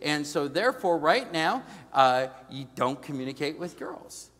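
A middle-aged male pastor preaching a storytelling sermon, dropping to a hush and then rising to loud emphasis. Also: a little high, very animated, measured pace. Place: large church sanctuary. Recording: long reverb of a large church hall.

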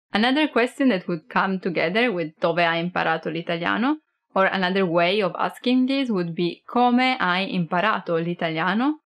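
Italian woman teaching beginner phrases. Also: mid-range voice. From Italy. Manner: friendly, explains slowly with many examples. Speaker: language teacher. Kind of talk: beginner language lesson.

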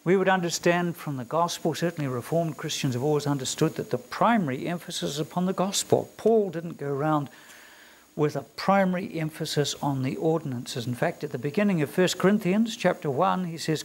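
Kiwi guy lecturing a class, kinda high voice, emphatic, throws questions at students. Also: fairly quick. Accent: New Zealand. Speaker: theology lecturer.

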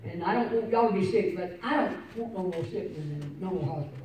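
Woman pastor mid-sermon, fervent then hushed; recorded far off in a reverberant church with the congregation around her. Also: fairly low pitch, expressive, fairly quick, a crowd in the background. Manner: fervent preaching, rising to shouts, dropping to soft personal storytelling. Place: church sanctuary. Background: congregation responses.

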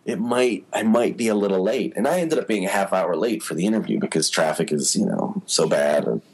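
A man's voice: deep voice, a little fast, husky, rough recording. A man talking as a podcast guest, telling stories casually with lots of filler words. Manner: chatty storyteller, many "you know" fillers. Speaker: entertainment journalist guest. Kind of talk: casual interview talk.

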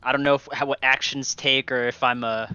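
Hesitant bright-voiced male player. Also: mid-range voice, flat delivery, a little fast, clear, resonant tone, no echo, faint music behind. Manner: hesitant, unsure of the rules. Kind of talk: playing a tabletop game over voice chat. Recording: dry, dull lo-fi mic.

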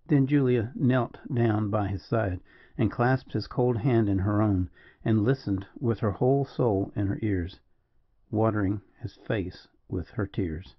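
A man reading a classic novel aloud as an audiobook narrator, in a measured, dramatic way. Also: lowish voice, slightly rough, dry recording. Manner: measured, dramatic reading that voices each speaker. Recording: dull lo-fi dry recording.

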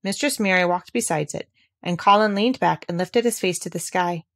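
A woman reading a classic novel aloud as narrator, with gentle, expressive storytelling. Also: lowish voice, moderate pace. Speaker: audiobook reader.

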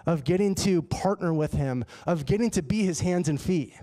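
A man preaching a sermon in a church, telling a personal story in a lively, conversational way. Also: fairly high pitch, moderate pace. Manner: animated and conversational, acts out his own dialogue. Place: church sanctuary.

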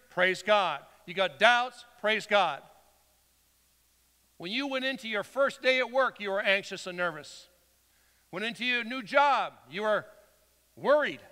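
Pastor, male, high bright voice, preaching in a church with a long hall echo; loud then hushed. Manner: swings from loud exhortation to quiet asides, acts out quotes. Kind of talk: sermon. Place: church sanctuary.

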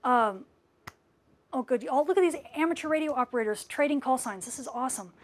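Middle-aged woman doing a livestream q&a, kinda high voice, gushy and excited, voice worn out from talking for hours. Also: a little fast. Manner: gushing and enthusiastic, warm thanks to viewers. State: voice worn out after a long stream. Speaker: space weather scientist hosting a live Q&A. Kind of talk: live-stream chat reading viewer comments.

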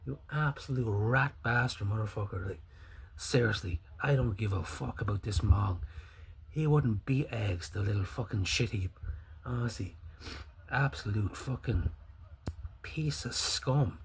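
Husky Irish man ranting with scorn. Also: fairly low pitch, unhurried. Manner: angry, sweary, scornful insults; breaks into loud laughing fits. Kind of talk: profane ranting commentary.

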